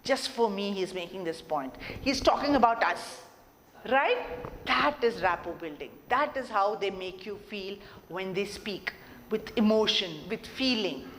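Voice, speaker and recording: A woman's voice: medium pitch, expressive, unhurried, a bit bright. Woman lecturing in an echoey hall. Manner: explanatory, repeats points, asks rhetorical questions. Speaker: college lecturer. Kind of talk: classroom lecture on communication skills. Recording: long reverb, faint background noise.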